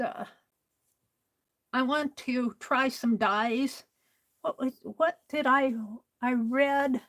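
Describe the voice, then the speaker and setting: A woman chatting casually while she stitches, softly talking to herself and sometimes dropping to a whisper. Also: fairly high pitch, low-quality recording. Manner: soft-spoken, drifts into whispers; talks to herself while working. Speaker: crafting livestream host.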